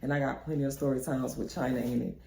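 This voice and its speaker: A woman's voice: a bass voice, quick pace, creaky. Chatty young woman telling a story. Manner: chatty, animated storytelling with laughs. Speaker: vlogger. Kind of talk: storytime narration. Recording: echoey room.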